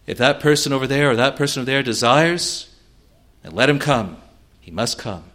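A man preaching a sermon, earnest, swelling loud on key words and then dropping to a soft, quiet close. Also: mid-range voice, animated, normal speed.

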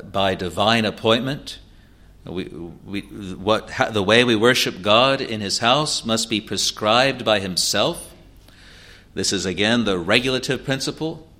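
A man preaching an expository sermon, teaching in a measured way with pauses and restarts. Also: lowish voice, bright, forceful tone.

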